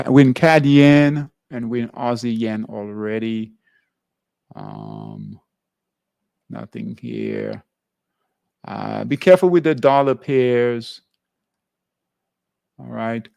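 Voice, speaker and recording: A man hosting a live trading class, stepping through currency pair charts in a halting way and filling the gaps with "all right". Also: medium pitch, lively intonation, creaky, a little mellow, clean tone, no echo, clean studio sound. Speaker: trading show host.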